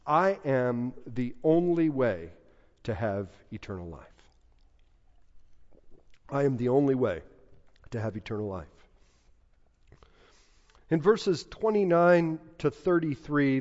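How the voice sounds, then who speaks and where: A man preaching a sermon as pastor, measured and emphatic, repeating key phrases. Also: on the high side, darkish tone. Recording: dull sound in a reverberant hall.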